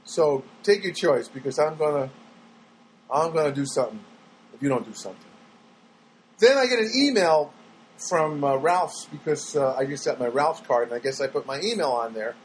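A man's voice: a little high, animated, normal speed, a little hiss or hum, low-quality recording. A man telling an everyday story as a sarcastic, exasperated rant, rambling with restarts. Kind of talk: storytelling monologue.

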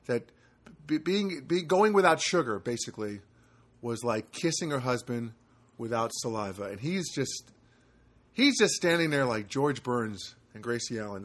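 A man rambles through a casual solo podcast recorded on a homemade setup in his home studio apartment. His mid-range voice is full of fillers and self-corrections as he tells stories.

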